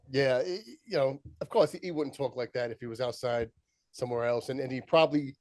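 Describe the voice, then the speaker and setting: A man's voice: medium pitch, a little fast, a little mellow. A man hosting a podcast, chiming in with short replies and laughs. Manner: brief back-channel replies and laughs. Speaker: podcast host. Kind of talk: casual interview.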